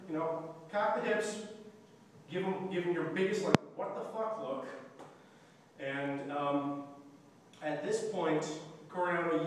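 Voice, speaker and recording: A young man explains stage blocking in a casual way, singing the music cues and acting out the lines. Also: on the high side. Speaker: student play director. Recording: echoey hall, distant mic, faint noise.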